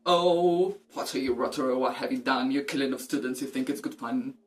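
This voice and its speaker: A woman's voice: rumbling low, moderate pace. A woman reading aloud and singing as a mischievous spirit, in a teasing, sing-song taunt. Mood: mocking.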